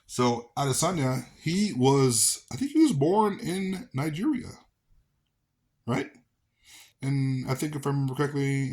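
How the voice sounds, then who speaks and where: A man from the American South talking casually to camera as a vlogger, rambling with fillers and restarts. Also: mid-range voice. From Southern United States.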